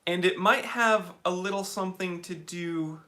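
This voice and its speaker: A man's voice: sits high, normal speed, sharp tone. A man hosting a casual live stream, chatting upbeat and reading out viewer comments with lots of fillers.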